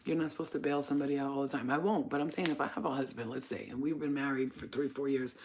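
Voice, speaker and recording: A woman's voice: rumbling low, fairly even intonation, quick pace, noisy background. Blunt, profane woman vlogger. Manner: blunt, profane, frank storytelling. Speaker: channel host. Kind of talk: casual monologue to camera.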